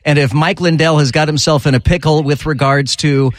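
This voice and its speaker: A male radio host chats casually in a studio, his voice sitting a little high. He turns animated and exasperated, jumping way up in pitch when something annoys him. The sound is close and dry. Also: brisk, no room sound. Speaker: radio talk show host. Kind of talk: casual talk radio banter.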